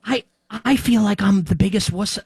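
A man's voice: sits high, moderate pace, gravelly, a little mellow, breathy edge, no echo. A man hosting a sports talk show, chatting casually and restarting his sentences often. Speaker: sports podcast host. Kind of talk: casual chat.

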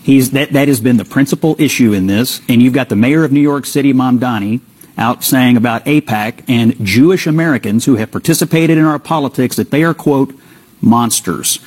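A man's voice: medium pitch, fairly quick, slightly rough. A man giving argumentative commentary on a cable news panel. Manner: forceful, argumentative. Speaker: political commentator.

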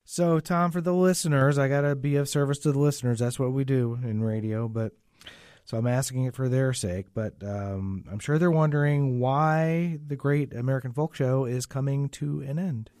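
A man's voice: medium pitch, normal speed, darkish tone, no room sound, studio quality. A man interviewing the host on the radio, asking questions in an upbeat way.

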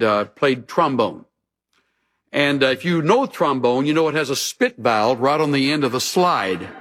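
A man preaching a sermon, telling stories with folksy humor and animated emphasis. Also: mid-range voice. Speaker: pastor.

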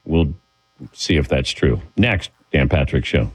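A man's voice: rumbling low, expressive, unhurried, husky, poor audio. A man hosting a sports talk show, chatting casually and laughing often as he calls on his co-hosts. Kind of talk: casual radio show banter.

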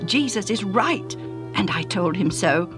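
A woman's voice: mid-range voice, lively intonation, unhurried, lightly acted. A woman reading a story aloud, voicing a devout, emotional man who stammers and repeats his words. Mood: excited. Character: earnest stammering adult man, a devout believer. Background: music.

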